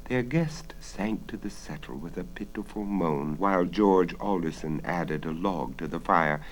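A man reading a story aloud with dramatic expression, often dropping into hushed whispers for suspense. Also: deep voice, a little slow, slight background noise.

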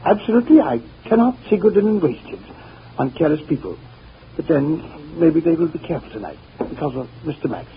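Burberry, a fussy pompous gentleman. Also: a little high, animated, a little fast, slight background noise. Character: fussy pompous gentleman, husband fretting over his linens. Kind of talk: 1930s radio drama acting. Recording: dull lo-fi old radio recording.

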